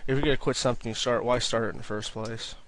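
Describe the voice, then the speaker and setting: A man's voice: medium pitch, steady tone, fast, a bit bright. A young man answering viewer questions in a casual, rambling video, often repeating himself and restarting sentences.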